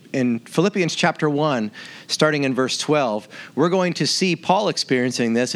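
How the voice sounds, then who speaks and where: A man in his thirties preaching a sermon as pastor, telling a story with animated, acted-out quotes. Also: medium pitch.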